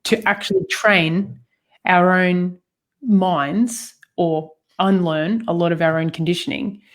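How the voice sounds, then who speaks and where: A woman's voice: lowish voice, takes it slowly. A woman co-hosting a personal talk about healing, telling stories with lots of fillers and frequent laughter. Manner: animated storytelling, laughs often, frequent fillers. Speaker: co-host.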